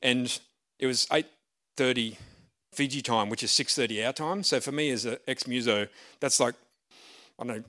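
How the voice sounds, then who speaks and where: A man's voice: medium pitch, normal speed, pauses often, pushed and bright. A middle-aged man, a pastor, telling a story in a sermon in a chatty, self-deprecating way. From Australia. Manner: chatty and self-deprecating, with frequent restarts and laughs.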